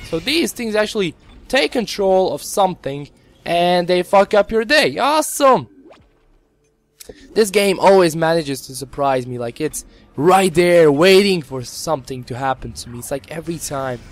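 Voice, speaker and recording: Excitable swearing man, slightly high voice. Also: moderate pace. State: strained voice. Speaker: gameplay video host. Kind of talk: casual let's-play commentary.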